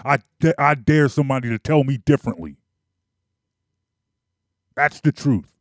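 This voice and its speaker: Philly-sports talker, opinionated and insistent, mid-pitched, dry sound. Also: male voice, normal speed, no room sound. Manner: emphatic, repetitive, argumentative. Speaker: sports commentator.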